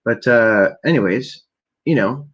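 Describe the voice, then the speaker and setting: Speaking at medium pitch and a slightly slow pace, this Canadian man records a rambling solo podcast on his laptop late at night, hushed so the neighbors won't hear. The audio is muffled, and he curses constantly, ranting while high.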